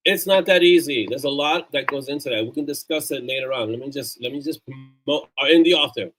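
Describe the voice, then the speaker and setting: A man's voice: mid-range voice, a little fast, a bit bright, soft background music, low-quality recording. Chatty man hosting a casual livestream. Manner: chatty and upbeat, plugging links and thanking supporters; loose and off-the-cuff, with fillers and restarts. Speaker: livestream host. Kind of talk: casual live-stream chat.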